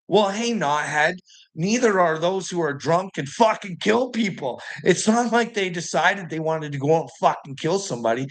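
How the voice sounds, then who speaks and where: A man with a slightly raised voice rants through news headlines and swears constantly. His sarcasm is biting, and his sentences often trail off into low, muttered asides. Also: animated, normal speed. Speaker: commentator reacting to news headlines. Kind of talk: profane ranting commentary.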